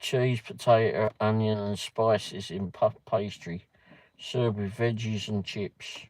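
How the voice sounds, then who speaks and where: A man's voice: lowish voice, steady tone, slow, darkish tone, no room sound. A man hosting a casual livestream, reading a pub menu aloud with muttered asides and the odd swear word. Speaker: livestream host.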